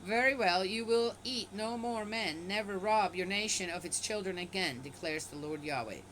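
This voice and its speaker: A woman's voice: medium pitch, normal speed, fairly bright tone, slight background noise, rough recording. Skeptical woman reading scripture aloud. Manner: reads aloud and breaks off to comment skeptically. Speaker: bible reader and commentator. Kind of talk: casual scripture reading with commentary.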